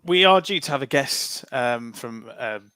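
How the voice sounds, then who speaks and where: Man, Black Country accent, podcast host, bright tone, dry close sound, hesitant. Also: mid-range voice, animated, unhurried, clear, resonant tone, no echo. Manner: hesitant, many ums and restarts. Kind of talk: podcast interview.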